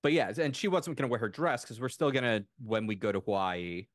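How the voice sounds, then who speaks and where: A man in his thirties chatting on a podcast, telling a long story with enthusiastic, animated asides. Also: mid-range voice, brisk, no room sound, studio quality. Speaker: podcast co-host. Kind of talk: casual chat.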